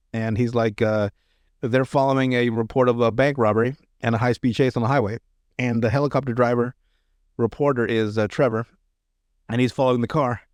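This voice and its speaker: A podcast host with a mid-range voice chats casually, recapping comedy sketches. He rambles, swears, and chuckles as he tells the stories, and the recording is dry with clean studio sound.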